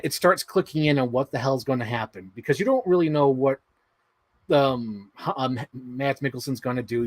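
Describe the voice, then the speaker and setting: A man hosting a livestream, chatting excitedly and rambling, swearing freely as he talks. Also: mid-range voice, no echo. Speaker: livestream host. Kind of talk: casual chat.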